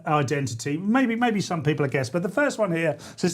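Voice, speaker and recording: A man's voice: fairly high pitch, expressive, brisk, hardly any pauses. A man hosting a comic radio show, reading out listener letters in a mock-earnest way and breaking into giggles. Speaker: radio host. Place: radio studio.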